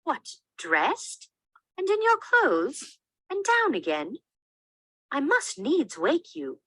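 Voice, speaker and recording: A man doing a high, fussing old nurse. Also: huge pitch swings, takes it slowly, fairly bright tone, no room sound, full character voice, rough recording. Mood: wailing. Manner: teasing, then wailing in alarm. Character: fussing old female nurse, teasing then grief-stricken. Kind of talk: dramatic reading of a play.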